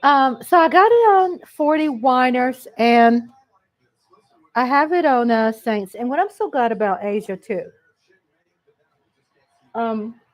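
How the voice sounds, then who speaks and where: A woman hosts a relaxed live chat. Her voice sits high and she takes her time, greeting viewers by name and laughing often. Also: slow, long pauses, rough recording. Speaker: livestream host. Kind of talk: casual live-chat commentary.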